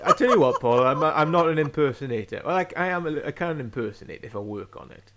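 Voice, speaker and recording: A man's voice: on the high side, animated, fast talker, a bit bright. A man co-hosting a podcast, chatting playfully and poking fun at himself. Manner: playful, self-mocking. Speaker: podcast co-host. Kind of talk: casual banter.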